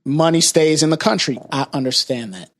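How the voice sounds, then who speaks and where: Insistent man, slightly high voice. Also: fairly quick, fairly bright tone. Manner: repetitive, insistent, steers topics. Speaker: podcast co-host. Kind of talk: casual chat.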